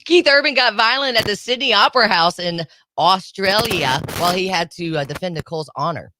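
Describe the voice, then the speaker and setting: A man's voice: sits high, brisk, noisy background. A man co-hosting a casual radio show from a studio, teasing his partner and laughing easily. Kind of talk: casual morning radio banter. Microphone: studio mic.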